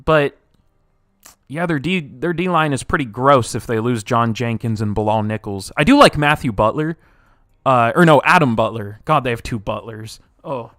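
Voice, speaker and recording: Young guy streaming, mutters then yells at chat, voice getting tired, dry close sound. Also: mid-range voice, normal speed, dry recording. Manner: reads and answers chat, swings from mumbling to loud outbursts. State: voice wearing out. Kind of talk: casual live-stream reaction.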